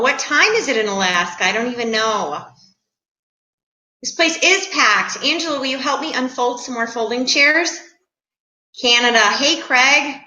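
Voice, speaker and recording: Bubbly, excitable middle-aged woman. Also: high voice. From Chicago area, USA. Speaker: livestream host. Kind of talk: live stream chat, greeting viewers. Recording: echoey room.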